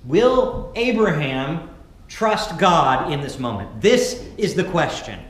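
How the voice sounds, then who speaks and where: A male pastor preaching a sermon and reading scripture dramatically, moving between loud calls and hushed narration. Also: fairly high pitch, big pitch swings, slow. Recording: very echoey hall, faint background noise.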